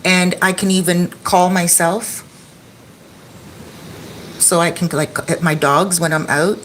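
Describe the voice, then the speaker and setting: A woman's voice: fairly low pitch, fairly even intonation, slow, fairly bright tone, slight background noise. A woman who rents out apartments, telling a story to her phone camera in a casual vlog at home, often quoting people with "he's like.". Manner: chatty, quotes others with "he's like". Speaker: Airbnb host and vlogger.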